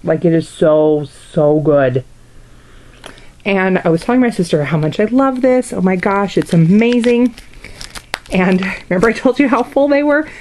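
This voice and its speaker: A woman's voice: mid-range voice, expressive, normal speed, darkish tone, rough recording. A young woman chatting casually in a haul video, gushing and reacting as she sniffs and shows each item. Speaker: vlogger showing a wax haul.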